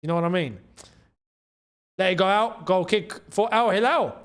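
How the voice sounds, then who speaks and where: Excitable high-voiced man hosting a watchalong. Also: moderate pace. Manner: excitable, repeats phrases, laughs often. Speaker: host. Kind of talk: live football watchalong commentary.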